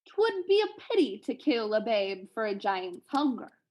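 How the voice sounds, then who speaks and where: A woman's voice: on the high side, sing-song, a little slow, a little mellow. Woman voicing a bold, bragging young prince. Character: bold young male prince, boastful and clever.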